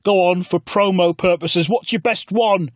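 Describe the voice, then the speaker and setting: A man voicing a gruff, bossy older male politician who barks clipped orders and calls people laddie, in a comedy podcast bit. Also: sits high, moderate pace, dry recording, clean studio sound, voice pushed up, natural voice.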